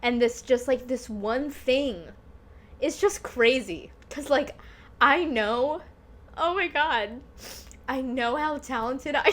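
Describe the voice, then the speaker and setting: A woman's voice: sits high, slow pace, a bit bright. A young woman hosting a solo podcast, talking casually and confessionally, swearing and laughing through emotional stories. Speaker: podcast host.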